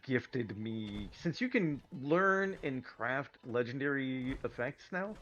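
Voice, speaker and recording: A man's voice: mid-range voice, expressive, slow pace, highs cut off, a crowd in the background. A man co-streaming a game, easygoing and explaining game mechanics over a call. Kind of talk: casual gaming chat over voice call.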